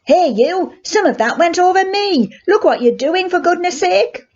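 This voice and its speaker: An older woman reading aloud, voicing an excited schoolboy with eager exclamations. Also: a little high, moderate pace, gravelly, husky, highs cut off, full character voice. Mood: indignant.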